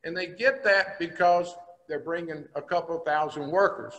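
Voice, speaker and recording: A man's voice: on the high side, moderate pace, a bit bright, highs cut off. An older man from Texas, a state senator, telling folksy stories in a speech to a business breakfast. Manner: folksy storytelling, plain-spoken. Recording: long hall reverb.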